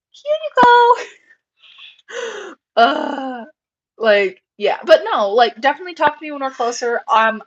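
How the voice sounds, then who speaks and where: A young woman chats casually on a live show. She rambles in an animated way, full of fillers and little acted-out quotes. Her voice sits at a middle pitch. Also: low-quality recording. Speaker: rabbit breeder on a live show. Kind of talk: casual chat.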